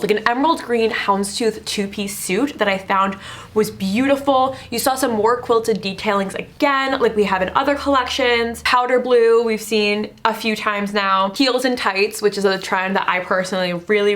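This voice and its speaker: A young woman talks through runway looks in a casual vlog. She is chatty and excitable and drops "like" into nearly every sentence. Her voice sits at a middling pitch for a woman. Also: moderate pace. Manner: chatty and excitable, full of "like" fillers. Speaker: fashion vlogger. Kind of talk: casual fashion commentary.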